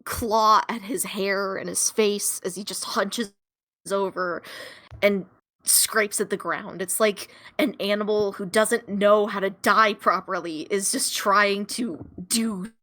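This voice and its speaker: A young woman narrating a tabletop game as game master, in a slow, drawn-out way. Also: mid-range voice, fairly even intonation, fairly bright tone, no echo.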